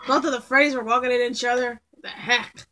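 A woman commenting casually on a game she plays with friends, excitable and quick to yell in reaction. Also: fairly high pitch. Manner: excitable, yelps and shouts in reactions. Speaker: gamer.

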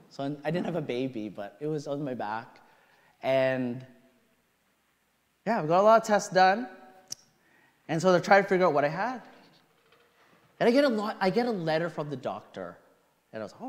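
A male pastor preaching a sermon through a personal story, swinging from quiet asides to outright shouting. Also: medium pitch. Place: church sanctuary. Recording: long reverb of a church hall.

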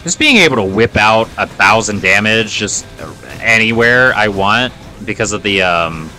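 A man commenting on his own video game run, voice swinging widely in pitch and bright in tone, lowish overall. He banters playfully at himself, with faint game music behind him. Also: animated, measured pace. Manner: playful, self-mocking banter. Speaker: gaming video host. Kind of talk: let's play commentary.

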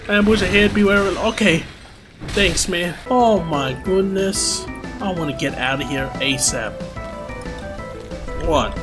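With loud game music in the background, a man with a high-pitched voice plays a horror-heavy action game. He talks at a measured pace with frequent pauses, but his casual commentary turns jumpy as he exclaims and yelps at scares.

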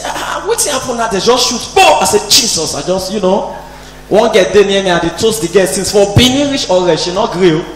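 A man's voice: high-pitched, a bit bright. A man in his forties with a Nigerian Pidgin English accent, performing a stand-up comedy routine on stage and acting out every character in his jokes. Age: 40s. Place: live event stage. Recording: echoey hall, faint hum.

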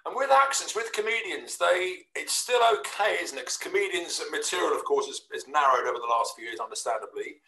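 A man's voice: fairly high pitch, animated, a little fast, vocal fry, hardly any pauses, sharp tone, roomy sound. A man hosting a casual chat, self-deprecating and full of tag questions. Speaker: host.

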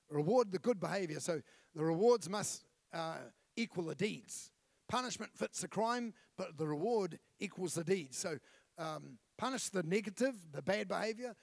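A man's voice: high voice, creaky, dry recording. A middle-aged man, preaching a blunt, colloquial sermon with asides to the congregation. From New Zealand. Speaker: pastor. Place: church.

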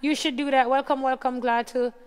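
A woman hosts a casual livestream in a high voice, calling out viewers' names and greeting each in turn. Her voice sounds a little worn. A long reverb trails behind her words. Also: level tone, brisk, clear, resonant tone. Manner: reads out viewer names and greets them warmly one by one. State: voice tiring. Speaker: livestream host.

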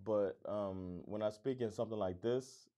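Here a man speaks in a fairly low, mellow voice at a moderate pace. He's a middle-aged Floridian who owns a comedy club and hosts a laid-back livestream, reading and responding to viewer comments in a neutral American accent touched by a faint Florida lilt. Cheerful and easygoing, he laughs easily and keeps saying "man."

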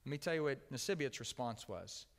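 A man preaching a sermon with earnest emphasis, often dropping to a soft, quiet voice on key words. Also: medium pitch, expressive, fairly quick, long reverb tail. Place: church sanctuary.

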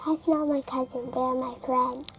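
A young girl hosting a casual slime vlog, chatty and unhurried, often dropping to a soft near-whisper. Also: high-pitched, fairly even intonation, poor audio. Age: child. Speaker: young slime channel host. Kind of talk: casual toy vlog chat. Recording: faint background noise.

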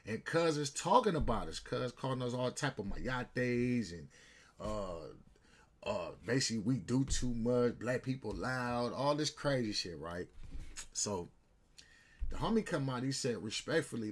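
A man's voice: mid-range voice, animated, unhurried. A man telling a story in a casual, rambling way, full of street slang.

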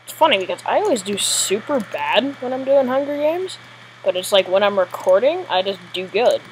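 Woman gamer, live play commentary, jumpy and giggly, mid-pitched voice, faint hiss behind. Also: normal speed, poor audio. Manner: excitable, jittery, giggly.

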